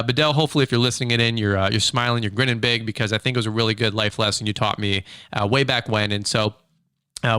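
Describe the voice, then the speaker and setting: A man hosting a casual business podcast from a small makeshift studio, talking in an animated, rambling way with many fillers and restarts. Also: mid-range voice, clear, resonant tone, no echo. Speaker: podcast host, lawn care business owner. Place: small makeshift home studio with a hard wood table.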